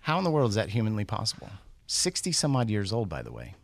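A middle-aged man, a guest speaker, telling a motivational story in an animated way, building suspense with questions to his listeners. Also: lowish voice, quick pace, gravelly, dry recording.

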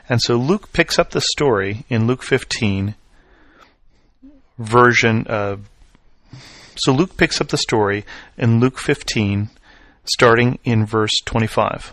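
A man preaching a sermon, retelling a Bible story with expressive swings from loud emphasis to quiet reflection. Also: medium pitch, no room sound. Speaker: pastor.

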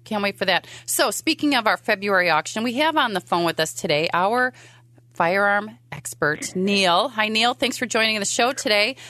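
Bright-voiced woman radio co-host. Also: mid-range voice, expressive, moderate pace, no room sound. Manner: upbeat, promotional. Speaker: auction company co-host. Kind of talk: casual radio talk.

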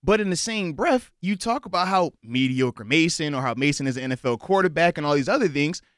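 Man, sports co-host, measured and reasoning, slightly high voice, dry close sound. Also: animated, a bit bright, dry recording. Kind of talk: casual sports debate.

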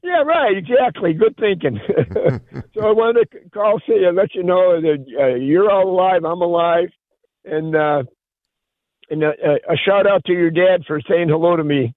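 An older man calling in to a radio show, telling jokes with frequent chuckles and halting restarts. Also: high-pitched, no room sound. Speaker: caller. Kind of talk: casual call-in chat. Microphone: phone. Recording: tinny phone line.

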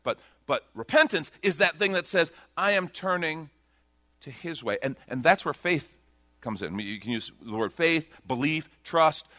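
A pastor preaching a sermon in a conversational style, joking about himself and swinging from hushed, slow lines to loud, excited ones. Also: male voice, mid-range voice, dry recording.

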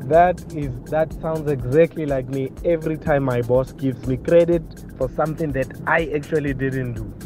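A man's voice: on the high side, moderate pace, hardly any pauses, dark tone, faint music behind. A man calling in to a radio show, cheerful and laughing as he gives his answer. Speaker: caller.

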